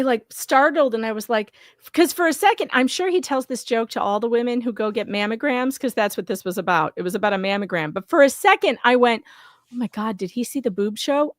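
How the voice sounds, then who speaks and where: A woman with a slightly high voice, recorded close and dry. She chats casually as a livestream guest. She tells animated stories, acts out the voices in them, and laughs freely. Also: no echo. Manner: animated storyteller, acts out quotes, laughs a lot. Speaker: guest co-host.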